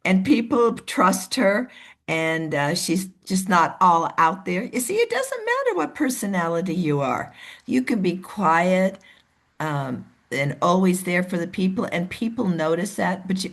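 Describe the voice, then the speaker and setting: A woman leading a team meeting over a video call. She coaches in an animated way and acts out the voices of the people she describes. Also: mid-range voice, normal speed. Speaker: team leader. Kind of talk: motivational coaching talk.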